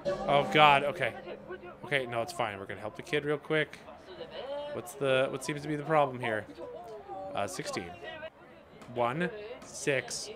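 Pausing often and speaking a little slowly, a man with a mid-range voice plays a game on his gaming channel. He's chatty and sounds bemused as he talks to himself in let's-play fashion.

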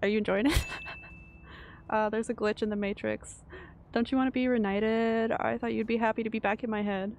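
A woman's voice: fairly high pitch, flat delivery, brisk, darkish tone, slight background noise. A Canadian woman streaming a video game, chatting casually with her viewers and laughing often. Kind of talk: casual gameplay commentary.

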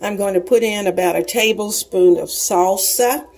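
A woman's voice: medium pitch, moderate pace, a little mellow, poor audio. A woman in her sixties hosting a cooking show from her home kitchen, chatting to viewers in a homey way as she cooks. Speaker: cooking channel host. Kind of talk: casual cooking demonstration.

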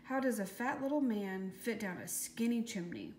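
A woman with a medium-pitched, slightly mellow, natural voice reads a storybook at normal speed, animated. She voices a bratty, spoiled schoolgirl who sneers snidely like a know-it-all. The room is echoey with faint hiss.

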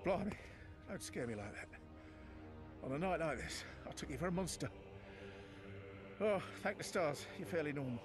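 An actor playing a skittish afflicted beggar with a rough Cockney accent in a video game. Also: male voice, a little high, lively intonation, normal speed, pauses often, music in the background, lightly acted. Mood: nervous. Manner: skittish, ingratiating. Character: jumpy afflicted beggar hiding a beastly secret.

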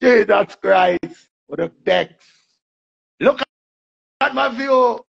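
A Jamaican man with a high, gravelly voice hypes things up in a casual, animated monologue, slipping between patois and English. The sound is dull and lo-fi. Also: extremely slow. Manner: animated, mixes patois with English, bursts into singing. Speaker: vlogger.

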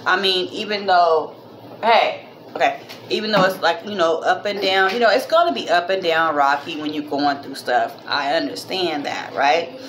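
A woman's voice: fairly low pitch, moderate pace, fairly bright tone, slight background noise. A woman vlogger and mother chatting casually to her viewers, rambling and heartfelt, calling them "y'all", with a minor cough. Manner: heartfelt, religious. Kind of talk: casual chat to camera.

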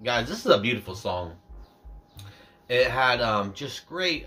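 A man's voice: mid-range voice, sing-song, measured pace, long pauses, bright, forceful tone, soft background music. A young man rambling casually about a song he is reacting to, self-mocking and easily distracted. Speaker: music reaction YouTuber.

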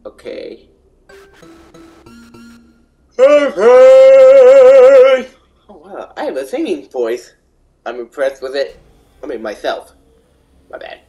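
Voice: mid-range voice, sing-song, moderate pace, vocal fry, long pauses, a little mellow, dull audio, faint music behind. A performer voicing a jumpy, cheeky boy who swears and panics easily, in a real-time game fandub. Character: cheeky young boy sneaking through a mall.

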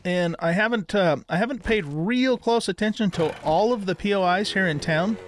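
An older man hosts his own gaming series, talking through his play in a loose, chatty way. His voice sits a little high for a man. He often pauses on "um" and restarts his sentences as he explains what he is doing. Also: slight background noise. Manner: chatty, frequent ums and restarts. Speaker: gaming YouTuber. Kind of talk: casual gameplay commentary.

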